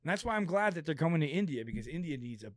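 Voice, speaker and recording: A man's voice: on the high side, sing-song, very fast, no room sound, studio quality. A man talking as a guest in casual podcast chat, blunt and profane as he rants.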